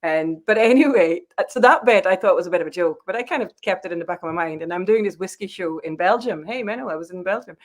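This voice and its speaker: A woman's voice: fairly low pitch, expressive, fast, hardly any pauses. A Swedish-born woman, a native Swedish speaker, telling chatty stories with frequent laughter on a live video call. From Sweden. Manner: chatty storyteller, laughs often. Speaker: whisky industry guest. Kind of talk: casual chat on a live stream.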